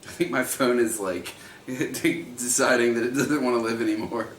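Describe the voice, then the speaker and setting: A man's voice: mid-range voice, normal speed, reverberant, slight background noise. A man in his thirties hosting a livestream trivia night, chatty, laughing often and repeating each question.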